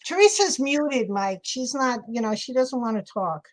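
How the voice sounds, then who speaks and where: Craft-stream host, woman, New York City accent, high pitch, chatty. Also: lively intonation, normal speed, rough recording. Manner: chatty, thinks aloud while working. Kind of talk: casual live crafting chat.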